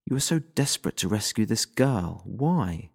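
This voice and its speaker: A man's voice: lowish voice, very animated, normal speed, creaky, darkish tone, slightly rough, full character voice. A man voicing a grim young woman fighter who speaks bluntly and formally. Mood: stern. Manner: formal and blunt, without contractions.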